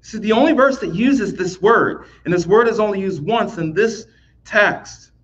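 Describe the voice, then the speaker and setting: A man's voice: sits high, moderate pace, lo-fi sound, a little hiss or hum. A man teaching a Bible lesson in a conversational way, often restarting phrases and checking in with "right?" as he explains the text.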